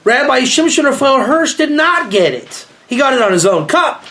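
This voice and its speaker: A rabbi with an extremely high-pitched voice speaks at a moderate pace, giving a small group an informal lecture that rambles and jokes. He is animated and keeps asking the audience questions.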